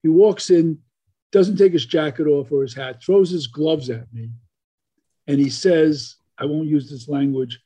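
An older man telling a story as a podcast guest, animated and full of fillers and restarts. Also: fairly high pitch, a little slow, husky.

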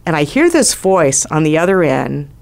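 A woman's voice: sits low, moderate pace, creaky. Middle-aged woman telling a story. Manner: lively anecdotal storytelling with acted quotes. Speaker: guest, former White House physician. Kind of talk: storytelling in a talk show interview.

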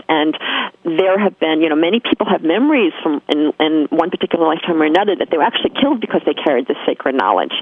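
Husky New York woman on a phone line. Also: fairly low pitch, no room sound. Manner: earnest, emphatic, many restarts. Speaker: guest. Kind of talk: personal spiritual storytelling. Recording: tinny phone line, dry.

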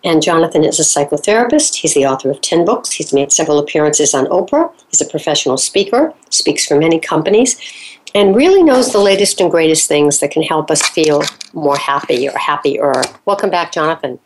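A woman hosting a radio interview, reading a guest introduction and asking questions at a measured pace. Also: deep voice, expressive, a little hiss or hum, rough recording. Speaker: radio talk show host.

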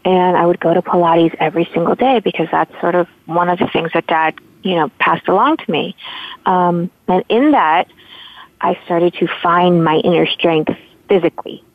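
Speaking at a moderate pace with a fairly low pitch, this guest from Southern California phones in and shares a heartfelt, meandering story full of restarts. The casual interview comes through a dry, tinny phone line with no echo.

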